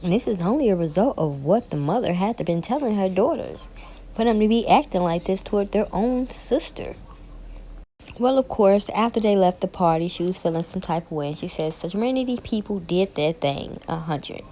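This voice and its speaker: Woman, casual commentary, exasperated, incredulous, middle pitch. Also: lively intonation, moderate pace. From Chicago. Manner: incredulous, exasperated, rising to sharp outbursts. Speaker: commentary channel host.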